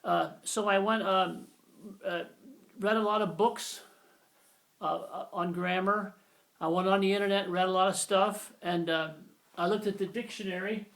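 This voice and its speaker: A man's voice: high voice, steady tone, normal speed, vocal fry, fairly bright tone. Rambling man in his sixties. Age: 60s. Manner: rambling, self-deprecating, many fillers and restarts. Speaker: video lecturer. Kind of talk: casual spoken lesson.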